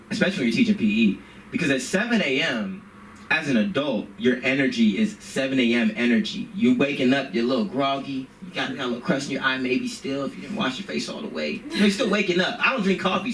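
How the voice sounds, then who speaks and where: A man's voice: medium pitch, fairly bright tone. Give me a man doing stand-up in a small comedy club, heard from a distance in an echoey room with faint hiss behind him, telling stories in a loose and rambling way. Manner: conversational, rambling storytelling.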